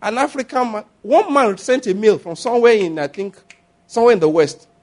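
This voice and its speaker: A man preaching a sermon as a pastor, animated and often laughing as he mimics others. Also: sits high, brisk.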